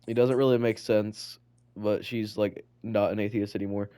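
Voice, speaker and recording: A teenage boy co-hosts a student podcast, rambling through school stories in casual chat packed with "like" and swearing. His voice sits lowish and smooth with a dark tone, and he delivers it flatly at a moderate pace.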